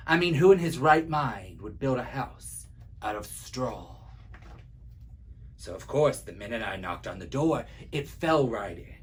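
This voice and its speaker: A man playing a chatty, husky wolf. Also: medium pitch, expressive, a little slow. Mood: sly. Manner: chatty, wry, confiding. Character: easygoing male wolf telling his side of the story. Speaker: library storyteller. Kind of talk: read-aloud children's story.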